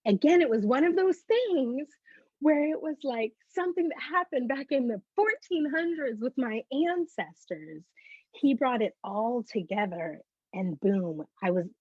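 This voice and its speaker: A woman guest giving a personal faith testimony as an animated storyteller who acts out the conversations she recounts. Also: high-pitched, measured pace, slightly rough, no echo. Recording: muffled lo-fi dry recording.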